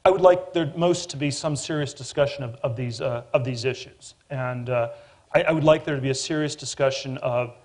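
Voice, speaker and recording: Halting man with many restarts. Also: mid-range voice, a little mellow. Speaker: panel guest. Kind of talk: public forum discussion.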